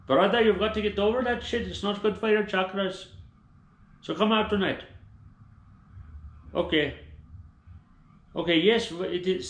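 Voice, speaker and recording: A man's voice: sits high, voice pushed up. A man voicing a pushy, chummy bro who keeps nagging a friend to come out. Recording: roomy echoing room.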